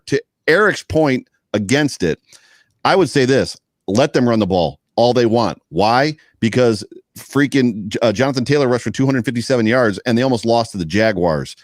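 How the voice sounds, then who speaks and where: A man's voice: mid-range voice, expressive, normal speed, no room sound, studio quality. A man appearing as a guest broadcaster, giving punchy, colloquial sports analysis.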